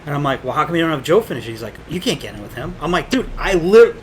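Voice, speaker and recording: A man's voice: a little high, expressive, a bit bright, a little hiss or hum, low-quality recording. A man from Connecticut, a supply shop owner, telling stories as a guest with acted-out quotes and frequent swearing. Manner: rapid storytelling with quoted dialogue, swearing. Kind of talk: casual chat.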